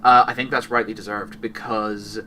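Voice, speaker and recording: A man's voice: fairly low pitch, flat delivery, normal speed, sharp tone, recorded from a distance, slight background noise. A man co-hosting a podcast, chatting casually and enthusiastically about video games, often correcting himself mid-sentence. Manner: rambling, enthusiastic, self-correcting. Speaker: podcast co-host. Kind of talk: casual gaming chat.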